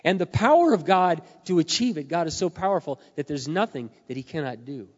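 A middle-aged man preaching a sermon, earnest and confessional, swinging between quiet admissions and loud emphatic peaks, his voice wearing hoarse. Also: fairly high pitch, animated, brisk. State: losing his voice. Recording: muffled sound in a reverberant hall.

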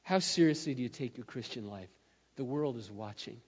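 A man's voice: mid-range voice, lively intonation, fairly quick. Man preaching a storytelling sermon. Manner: storytelling, rising to loud emphatic peaks. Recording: dull sound with long hall reverb.

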